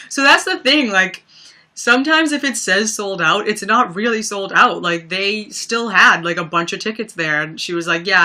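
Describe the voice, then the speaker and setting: A woman's voice: on the low side, sharp tone. A young woman chatting casually on a livestream, telling stories with lots of fillers and laughs. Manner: chatty storyteller, many fillers, laughs often. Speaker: livestream host. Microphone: webcam or phone mic.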